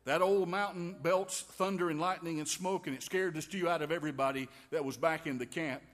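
Guy preaching a sermon, kinda high voice, folksy and wry, long echo like a big hall. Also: steady tone, fairly quick. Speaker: pastor. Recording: long reverb of a large hall.

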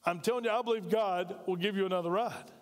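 Quick and high, an American pastor's voice carries with a big-room sound as he preaches. His sermon is conversational, and his large church congregation joins in call-and-response.

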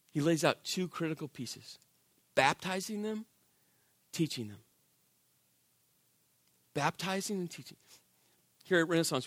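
Preaching to his congregation, a man with a fairly high pitch keeps things animated and chatty, repeatedly asking "right?" His delivery shifts from loud emphasis to soft intimacy. He is a pastor, and no room sound is audible.

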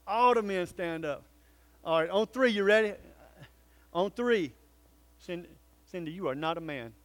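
Animated high-voiced preacher man. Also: moderate pace, dry recording. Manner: animated preaching, swinging from loud calls to hushed pleading. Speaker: pastor. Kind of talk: sermon.

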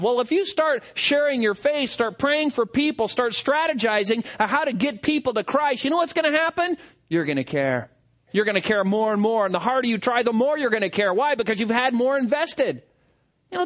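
A man delivers a sermon with a fairly high voice. He is animated and swings his delivery up and down as he acts out what people say. It sounds like a preacher working through a passage for his congregation.

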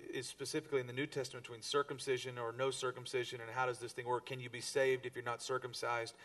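A man preaching a sermon to his congregation, rising to stress a point and then dropping low. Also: recorded from a distance. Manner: preaching to a congregation, with emphatic rises and soft drops. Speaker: pastor.

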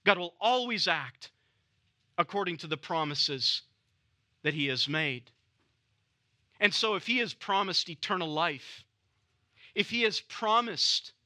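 A man preaching an expository sermon, measured and emphatic, repeating key phrases for weight. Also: fairly high pitch, pushed and bright.

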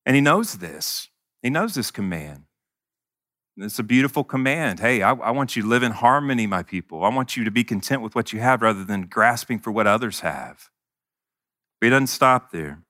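A man's voice: medium pitch, sharp tone, no room sound, studio quality. A male pastor preaching a sermon in an earnest, conversational way, with touches of self-deprecating humor.

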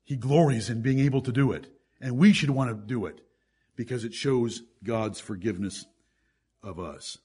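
A man's voice: medium pitch, moderate pace, warm tone, husky. A male pastor preaching a sermon to his congregation, reading scripture aloud and stressing key words.

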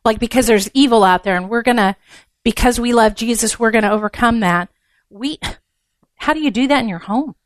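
A woman's voice: a little high, brisk, dry recording. A woman giving a conversational sermon to a women's gathering, frank and down-to-earth with blunt humor.

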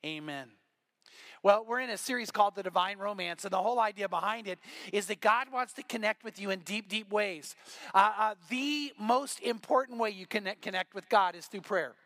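A male pastor preaching a sermon, telling stories with lively acted-out quotes. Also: high-pitched, moderate pace, dry recording. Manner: animated storytelling with acted quotes. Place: church.

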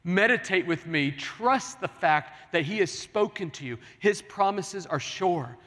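A man's voice: high-pitched, lively intonation, takes it slowly, a bit bright. A man preaching a sermon as pastor, earnest and pleading with his congregation in a large church. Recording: long hall reverb.

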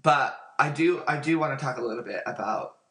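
A podcast host in relaxed conversation, chatty and often laughing. The voice sits at a middling pitch. The room adds a clear echo around every word. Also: brisk. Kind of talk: casual conversation.

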